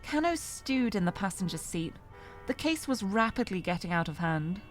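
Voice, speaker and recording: A woman's voice: mid-range voice, big pitch swings, normal speed, soft background music. A woman streamer reading a story game aloud, narrating expressively and breaking off to laugh and comment.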